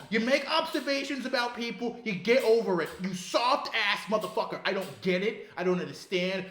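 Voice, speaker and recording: A high-voiced man rants as a podcast co-host, swearing freely and breaking into laughter. The room around him rings with echo. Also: moderate pace, hardly any pauses, a bit bright. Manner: profane ranting, laughs and mimics others. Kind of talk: casual chat. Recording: echoey room.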